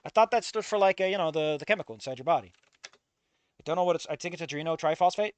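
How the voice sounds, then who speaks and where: A streamer reading a visual novel aloud in casual commentary, swearing often and swinging from low muttering to loud outbursts. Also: quick pace, clean tone, no room sound. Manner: swears a lot, rants and self-mocks.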